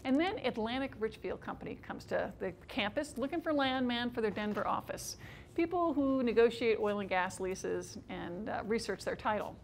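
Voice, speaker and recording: A woman in her fifties performing an autobiographical one-woman stage show, telling her story in a wry, expressive way with dry humor. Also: fairly high pitch, moderate pace.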